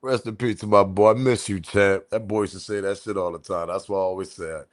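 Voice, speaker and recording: A man giving casual, animated livestream commentary, repeating himself, swearing and chuckling. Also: low-pitched, fairly quick. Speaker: online news commentator.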